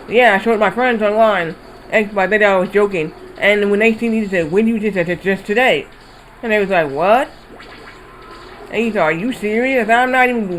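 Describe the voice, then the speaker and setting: A man's voice: sits high, slight background noise, poor audio. A man streaming a video game, telling a rambling story with casual swearing. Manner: rambling, animated retelling with swearing. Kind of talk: casual storytelling while gaming.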